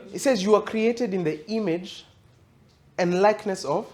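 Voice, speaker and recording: Higher-voiced man teaching scripture. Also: moderate pace, a little mellow. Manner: reads scripture aloud and quizzes the audience; conversational, rising to emphatic. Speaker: pastor teaching a congregation. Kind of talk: interactive Bible teaching.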